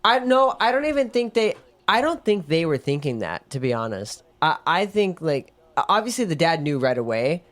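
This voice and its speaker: A man co-hosting a podcast tells a film's story in a loose, casual way. He keeps it animated, swearing often and acting out the lines of the characters as he goes. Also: fairly high pitch, moderate pace, few pauses. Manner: animated retelling with swearing and acted quotes. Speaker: podcast co-host. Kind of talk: casual chat recapping a film.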